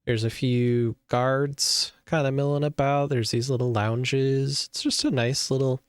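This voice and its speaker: A man runs a tabletop game over an online voice call, slowly laying out each room with plenty of "uh"s in between. His voice is mid-pitched and drawn out, and the sound is dry and close with no room around it. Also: fairly even intonation, clean tone, no room sound. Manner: unhurried, describing scenes with many fillers. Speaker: game master.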